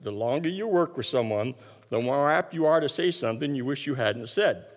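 A man preaching a sermon, emphatic and repeating his key phrases, dropping his voice low to stress a point. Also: animated, brisk, big-room sound, lo-fi sound. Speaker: pastor.

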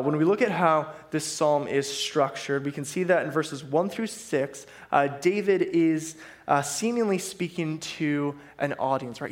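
A man preaching a conversational sermon on a psalm, often checking in with listeners by asking "right?". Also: fairly high pitch.

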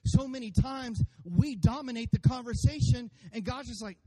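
A pastor preaching a sermon to his congregation, animated and playful, acting out voices and calling for amens. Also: very high voice, normal speed. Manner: animated, acts out funny voices for God and congregants; addresses congregation by name, calls for amens.

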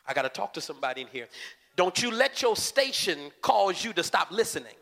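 A man preaching a fervent, animated sermon, repeating phrases for emphasis. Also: high voice, a little fast, creaky. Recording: long church reverb.

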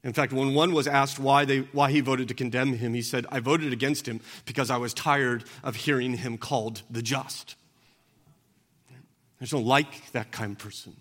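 A pastor preaching a sermon in an earnest manner, now and then acting out quoted speech. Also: male voice, medium pitch, a bit bright. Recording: long hall reverb.

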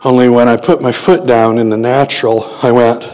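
A male preacher shares a testimony from the pulpit in a relaxed, conversational voice at a middle pitch. He slows down and leans on key words when he quotes. A long reverb from a big hall trails behind each phrase. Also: faint music behind. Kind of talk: sermon testimony storytelling.

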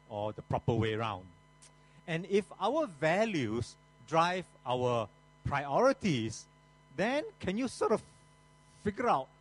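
Lively, joking man preaching a sermon. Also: mid-range voice, low-quality recording. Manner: folksy, joking asides to the congregation. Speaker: pastor.

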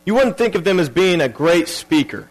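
A man's voice: high-pitched, animated, normal speed, poor audio. A man preaching a sermon earnestly, repeating key phrases and restarting his sentences.

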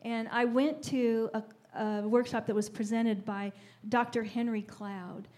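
Woman, fairly high voice, enthusiastic, teaching talk, counselor. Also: steady tone, a little slow, darkish tone.

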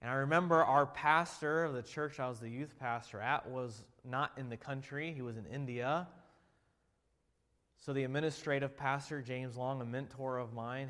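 A man preaching a sermon as pastor, shifting between loud emphatic passages and quiet storytelling. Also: medium pitch. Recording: long hall reverb.

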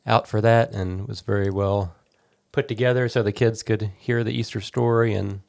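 A man on a church podcast speaks in an earnest, easygoing way. His voice sits low and has a gravelly rasp, recorded close and dry. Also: fairly even intonation, normal speed, darkish tone, dry recording. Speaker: church staff member. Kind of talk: casual church podcast chat. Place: church office studio.

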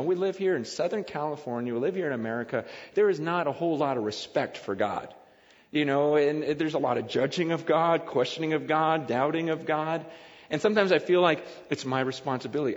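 A male pastor giving a sermon in a conversational, emphatic way, repeating phrases for stress. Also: mid-range voice. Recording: dull lo-fi recording in a long-reverb hall.

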